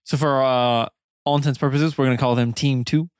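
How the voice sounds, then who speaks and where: A man running a tabletop role-playing game, narrating calmly with frequent ums. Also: medium pitch, clean tone, no room sound, clean studio sound. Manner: slow, relaxed, hesitant with ums. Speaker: game master.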